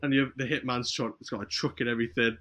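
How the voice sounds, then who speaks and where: A man talks fast in a medium-pitched voice, casually retelling a movie on a podcast. His delivery is animated, with the characters' lines performed along the way.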